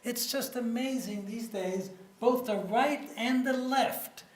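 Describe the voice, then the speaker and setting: A man in his seventies giving a public lecture with slides, in a measured, conversational way with many "you know"s and repeated words. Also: very high-pitched. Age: 70s. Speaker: guest lecturer on nuclear security. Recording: roomy hall echo.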